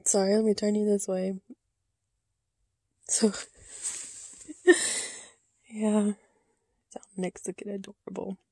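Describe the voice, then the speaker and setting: A woman talks slowly through a casual show-and-tell vlog. Her voice is gravelly and soft, and it often drops to a whisper as she holds back tears. The sound is dry and close, with no room echo. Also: medium pitch, flat delivery. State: emotional, holding back tears. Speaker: reborn doll collector showing her dolls.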